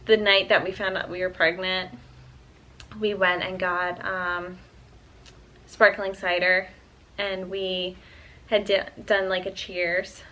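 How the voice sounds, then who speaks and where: A woman's voice: on the low side, little pitch movement, takes it slowly, long pauses, bright, forceful tone, rough recording. A woman in her twenties, a vlogger, telling a personal story in a casual, chatty way, with plenty of "um" and "like". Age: 20s. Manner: chatty, full of "um" and "like".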